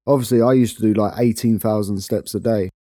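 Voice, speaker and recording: A young man with a London accent, co-hosting a casual podcast chat, chatty and quick to laugh. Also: on the low side, steady tone, dark tone, dry recording, studio quality. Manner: chatty, laughs often, playful. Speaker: podcast co-host.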